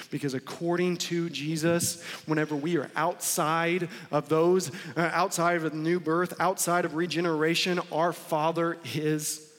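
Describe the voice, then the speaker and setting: Emphatic preacher in a reverberant hall. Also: male voice, on the high side. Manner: emphatic, repeats lines and asks rhetorical questions. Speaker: pastor. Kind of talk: sermon.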